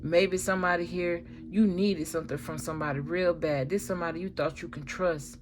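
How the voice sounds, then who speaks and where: A woman's voice: lowish voice, fairly even intonation, brisk, faint music behind. A woman giving a casual tarot reading, talking in a slangy, emphatic way and swearing freely. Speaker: tarot reader.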